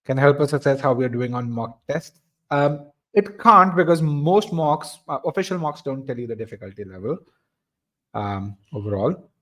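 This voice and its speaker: A man leads a live test-prep webinar in a mid-pitched voice. He explains things step by step, often restarting and repeating words mid-sentence. He also reads out and responds to comments from his audience. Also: lively intonation, moderate pace, fairly bright tone.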